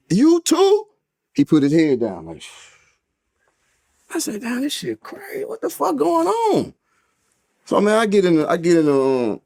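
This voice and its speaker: A man's voice: medium pitch, no room sound, studio quality. A man casually telling a jail story, acting out the dialogue in a raised voice. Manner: animated, acts out dialogue in a raised voice, heavy cursing.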